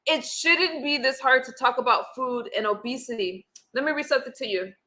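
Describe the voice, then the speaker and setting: Bright-voiced opinionated woman host. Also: high voice, a little fast, rough recording. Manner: opinionated, argumentative. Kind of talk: casual panel discussion.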